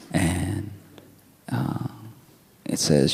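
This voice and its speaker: A man's voice: sits low, moderate pace, creaky, a little mellow. A man doing laid-back stand-up storytelling, conversational and chuckling through his lines. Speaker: stand-up comedian.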